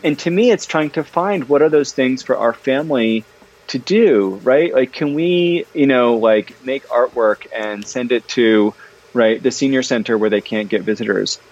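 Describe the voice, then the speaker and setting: An animated man chats through an interview, tumbling over fillers and restarts as he warms to his points. His voice sits at an ordinary pitch. The recording sounds a bit dull and lo-fi. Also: moderate pace. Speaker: guest, parenting author. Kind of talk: casual interview conversation.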